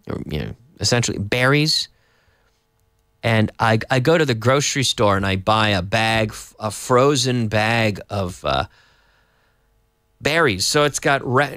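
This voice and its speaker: A man teaching a live online English lesson, explaining slowly and adding Spanish glosses. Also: medium pitch, fairly bright tone, no room sound, studio quality.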